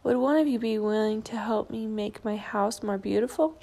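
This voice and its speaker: A woman voicing a curious, polite male hermit crab in a storybook read-aloud, asking gently and courteously. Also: medium pitch, normal speed, natural voice. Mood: gentle, polite.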